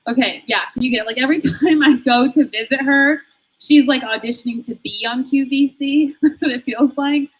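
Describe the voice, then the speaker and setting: A woman's voice: high voice, a little fast, breathy edge, low-quality recording. A woman performing a stand-up comedy set, self-deprecating and laughing through her own jokes.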